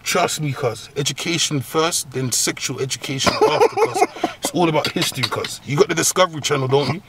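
A man giving comic advice as a host, in a profane, slang-heavy rant full of laughs and sudden high squeals. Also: brisk, background noise. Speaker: agony-uncle comedy host.

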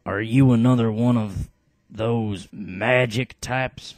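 A man voicing a dim-witted, brawny male fighter who talks in a loud, blunt, pushy way. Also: mid-range voice, steady tone, slow pace, no echo. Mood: gruff.

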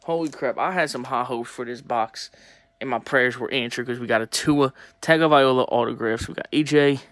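A young man talking casually to viewers while opening sports cards, chatty and excitable. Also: mid-range voice, a little fast, no echo. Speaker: sports card collector opening packs. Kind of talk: casual pack-opening vlog.

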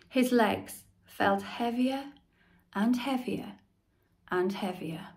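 Slow, expressive woman storyteller. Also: fairly high pitch, creaky. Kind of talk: children's story read-aloud.

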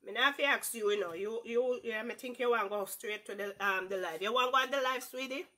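A woman's voice: on the high side, a little fast, bright, forceful tone. A woman chatting on a live stream in a teasing, mocking way. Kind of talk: casual live-stream chat.

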